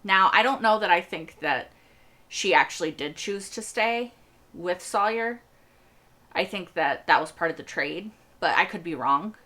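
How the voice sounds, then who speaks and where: Bright-voiced woman chatting earnestly. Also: lowish voice, lively intonation, measured pace. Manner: rambling and earnest, laughs often. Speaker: reaction video host. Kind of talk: casual reaction chat.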